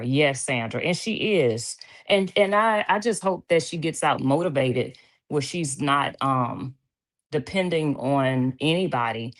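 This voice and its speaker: A woman's voice: deep voice, lively intonation, measured pace. A woman hosting a casual livestream from home, reading viewers' comments aloud, chatty and laughing often. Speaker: livestream host.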